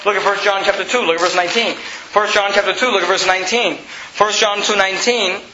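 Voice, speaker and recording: A man preaches an emphatic sermon in a very high, sharply bright voice, driving his points home and rising to shouts. The recording is dull and lo-fi, with a lot of room echo around him. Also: steady tone, a little fast, a little hiss or hum. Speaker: pastor. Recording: echoey room, dull lo-fi sound.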